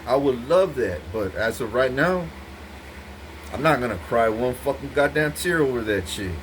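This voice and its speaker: A man's voice: medium pitch, slight background noise. A man giving an intense, profane, rambling monologue to the camera, repeating himself as he goes. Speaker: vlogger speaking to camera.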